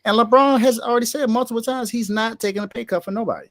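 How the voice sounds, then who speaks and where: A man's voice: extremely high pitch, steady tone, quick pace, a bit bright, no echo. A man co-hosting a sports podcast who argues emphatically and often repeats his words. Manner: repeats himself, emphatic and incredulous. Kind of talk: casual sports talk.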